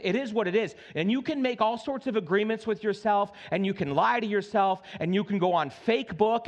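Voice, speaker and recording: A man preaching a sermon as pastor, conversational and animated, talking straight to his congregation and acting out little scenes. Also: high voice.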